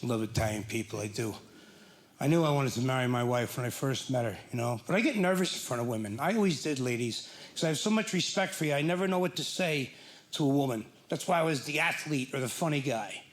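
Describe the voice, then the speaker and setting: A man doing a self-deprecating stand-up set, jumping from stammering bits to shouted punchlines. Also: medium pitch, lively intonation, fast talker, reverberant. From Irish-American from New Jersey. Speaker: stand-up comedian. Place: comedy club stage with live audience.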